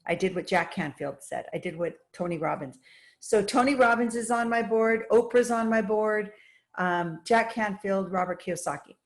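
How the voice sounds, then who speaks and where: A woman's voice: medium pitch, normal speed. A woman guest on a podcast, telling her stories with enthusiasm in a casual, run-on way. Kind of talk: casual interview storytelling.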